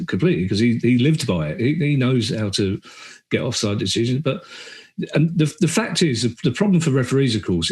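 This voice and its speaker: A middle-aged man chats as a podcast guest. He is animated and tells stories with quick asides. He often acts out the voices of the people he quotes. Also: mid-range voice. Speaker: podcast guest, comedian and author. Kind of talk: casual chat.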